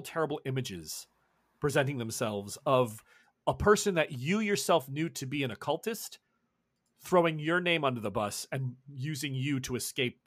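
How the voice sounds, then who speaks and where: A man narrating a tabletop role-playing game as game master. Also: mid-range voice. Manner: animated, lively narration.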